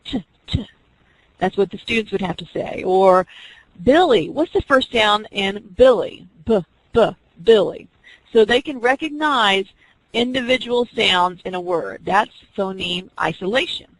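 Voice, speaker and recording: A woman's voice: medium pitch, animated, unhurried, low-quality recording. A woman teaching an online class, explaining reading skills step by step and acting out teacher and student examples. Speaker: teacher educator.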